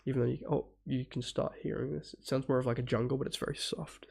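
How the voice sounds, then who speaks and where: A man's voice: mid-range voice, flat delivery, quick pace, gravelly, darkish tone. Sniffly man with a cold, rambling live. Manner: rambling, laughing, swearing; hums parts aloud. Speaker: live-stream reactor. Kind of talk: casual live reaction commentary.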